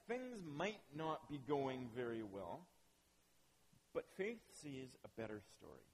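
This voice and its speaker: A man's voice: a little high, a little hiss or hum, rough recording. A man preaching a sermon, earnest and emphatic, often asking rhetorical questions. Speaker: pastor.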